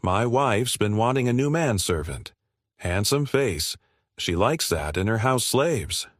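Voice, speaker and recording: A man's voice: lowish voice, very animated, unhurried, no echo, studio quality. A man voicing a stout, cold slave buyer with a Georgia accent.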